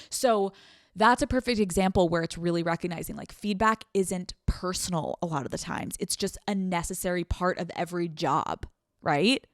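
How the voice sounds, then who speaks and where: A woman's voice: mid-range voice, no echo, studio quality. A woman hosting a solo advice podcast, talking candidly and swearing freely, and acting out the people she quotes. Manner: candid and profane, acts out quoted voices. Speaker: podcast host.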